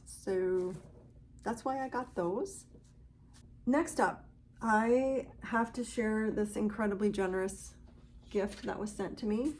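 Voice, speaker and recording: A woman's voice: mid-range voice, slow pace, a little mellow, slight background noise. A woman hosting a knitting podcast, chatting casually to viewers in a gushing, grateful way.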